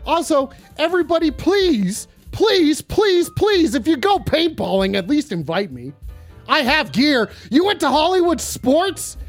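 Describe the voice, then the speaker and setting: A live-stream host in their thirties taking phone calls, talking in a loud, profane, casual way and often bursting into shouts. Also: sits high, a little slow, faint music behind. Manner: excitable, swears constantly, bursts into shouting.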